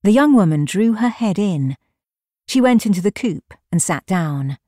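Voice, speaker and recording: A woman reading a literary short story aloud in a measured, unhurried storytelling manner. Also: mid-range voice, expressive, dark tone, no room sound, studio quality. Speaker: reader.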